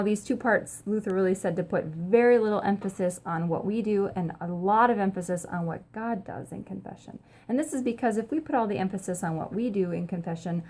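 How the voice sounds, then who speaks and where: A woman's voice: fairly low pitch, a little mellow. A woman pastor giving a casual, upbeat teaching talk to camera, chatty with frequent ums. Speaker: pastor and host of a short church video series.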